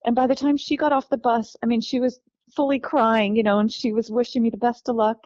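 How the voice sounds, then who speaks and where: A woman from California, a guest telling her life story in a lively, warm way, acting out the voices of the people she quotes. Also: a little high, fairly quick, dry recording, dull audio.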